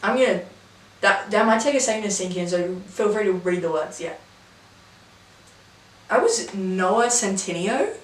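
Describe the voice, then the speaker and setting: A woman's voice: medium pitch, lively intonation, a little slow, pauses often. Aussie woman chatting wry quiz commentary, swears a lot, roomy far-off sound. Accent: Australian. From Australia. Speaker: host of a quiz video. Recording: echoey room, mic set back.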